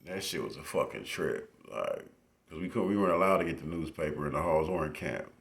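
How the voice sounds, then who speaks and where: Gravelly and rumbling low, a young man's voice moves a little fast as he casually tells stories into his phone. He swears freely and laughs throughout his animated retelling.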